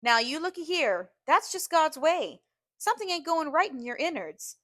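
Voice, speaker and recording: A woman's voice: sits high, sing-song, normal speed, fairly bright tone, pitched above the performer's own voice. A woman voicing a blunt middle-aged Southern housemaid, firm and plainspoken. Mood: firm reassurance.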